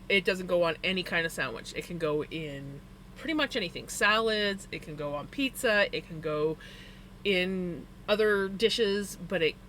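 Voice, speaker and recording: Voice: mid-range voice, bright, forceful tone, a little hiss or hum. A live streamer chatting casually with viewers, telling rambling personal stories full of "like" fillers and stating preferences emphatically. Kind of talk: casual chat to a live audience.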